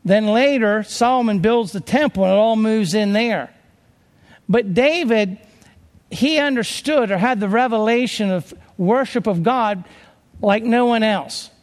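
A high-pitched man delivers a sermon in a loose, conversational way, stopping to restart and search for words. His voice carries a long hall reverb. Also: unhurried. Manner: rambling, conversational, with many restarts and fillers. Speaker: preacher.

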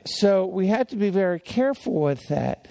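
A man's voice: high-pitched, very animated, normal speed, creaky, dark tone. An older man preaching in a folksy storytelling way, with many restarts and fillers. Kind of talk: sermon-style teaching.

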